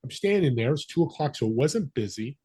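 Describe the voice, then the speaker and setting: Man, husky voice, mid pitch, animated storytelling, dry close sound. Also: a little fast, dry recording. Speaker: podcast guest, business connector. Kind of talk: storytelling interview talk.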